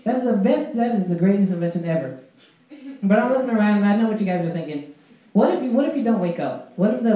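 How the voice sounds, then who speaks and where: A man doing a stand-up comedy set at an open mic, telling crude stories with a deadpan delivery. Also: high-pitched. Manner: deadpan storytelling, crude punchlines. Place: small club at an open mic. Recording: very echoey room.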